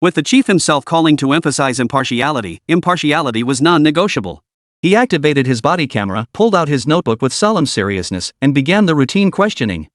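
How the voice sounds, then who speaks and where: A man narrating a dramatic comic story in a scripted, expressive style. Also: on the high side, quick pace, dry recording, studio quality.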